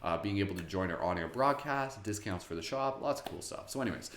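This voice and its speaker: A man's voice: deep voice, expressive, quick pace, a bit bright. A man hosting a live-streamed guided meditation in a casual, chatty way, laughing often. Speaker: meditation host. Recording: echoey room.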